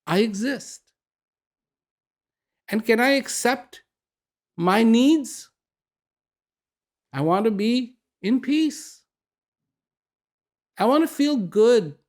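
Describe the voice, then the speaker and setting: A man giving a reflective personal message, speaking slowly and posing many rhetorical questions. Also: very high-pitched, animated. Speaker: spiritual speaker.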